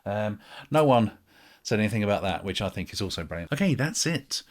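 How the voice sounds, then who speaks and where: A man's voice: on the low side, very animated, a little fast. A British man chatting casually to camera as a music vlogger, rambling and self-mocking, with many ums.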